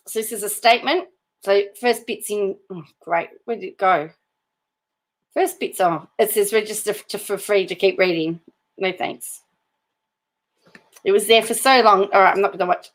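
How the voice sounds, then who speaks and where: A woman hosting her channel, reading news articles aloud in casual commentary, often breaking into giggles and chatty asides to viewers. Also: mid-range voice. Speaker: channel host.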